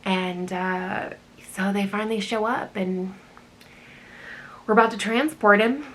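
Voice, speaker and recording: A woman, an emergency medical worker, casually retelling a night shift with many ums and animated delivery. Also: medium pitch, measured pace, a little hiss or hum. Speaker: EMT telling a work story. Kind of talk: casual storytelling.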